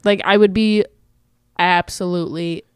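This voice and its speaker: A woman's voice: on the low side, fairly even intonation, a little slow, clean tone, no room sound. Frank young woman podcast co-host. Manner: frank, opinionated, laughs easily. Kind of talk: casual frank chat.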